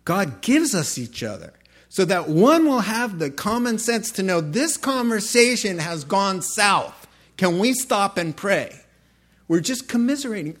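Animated, joking middle-aged male pastor. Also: high voice, slow pace. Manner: animated and humorous, with asides and self-corrections. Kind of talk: sermon.

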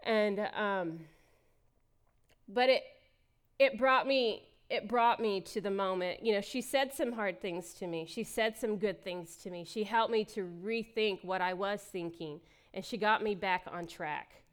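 A woman's voice: mid-range voice, unhurried. A middle-aged woman giving a candid, emotional personal testimony as a church speaker, laughing often as she talks.

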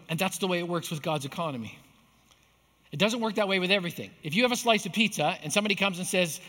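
A man's voice: high-pitched, brisk, long pauses, bright, forceful tone, long reverb tail. A male pastor preaching a sermon, telling stories and building to emphatic repeated points. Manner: storytelling with rising emphatic peaks.

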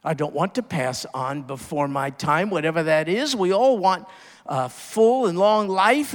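A man preaching a sermon as pastor, building to strong emphasis and then dropping low and soft on key words. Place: church sanctuary. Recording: long reverb of a church hall.

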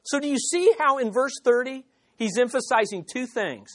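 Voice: high-pitched, animated, moderate pace. A pastor preaching an expository sermon, emphatic, with rhetorical questions and short laughs.

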